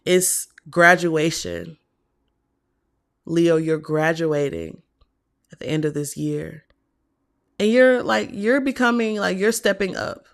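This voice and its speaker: A woman giving a tarot reading, talking slowly and softly with hums and whispered asides. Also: on the low side, very animated, vocal fry. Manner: slow, soft, encouraging, with hums and whispered asides. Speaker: tarot reader.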